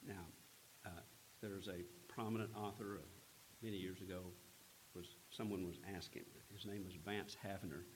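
A man preaching a sermon, retelling a scripture story in an earnest, unhurried way with frequent pauses. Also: low-pitched, fairly even intonation, background noise. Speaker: pastor.

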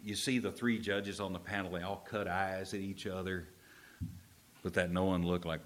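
A man preaching a sermon, his fairly low voice carrying a bright, forceful edge. He tells the story like a joking storyteller, punching some phrases out loud and dropping others to a near-hush. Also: flat delivery, measured pace, long pauses. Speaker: pastor. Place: church service.

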